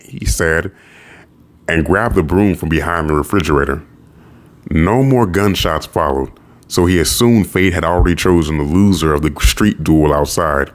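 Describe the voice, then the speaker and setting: A man narrating a novel audiobook in a steady storytelling voice. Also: low-pitched, normal speed.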